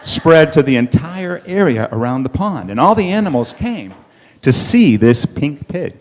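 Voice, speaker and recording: A man telling a children's story at a worship service, animated, with dramatic pauses. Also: a little high, a faint crowd.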